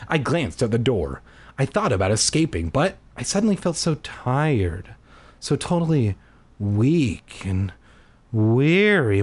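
A man reading a kids' horror book aloud for laughs, breaking in with sarcastic, deadpan asides. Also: medium pitch, slow pace. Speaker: reader.

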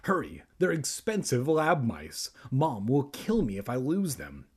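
A man voicing a whiny, excitable young boy in a comic storybook reading, with a husky voice. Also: medium pitch, unhurried, heavily acted. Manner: whining, wailing.

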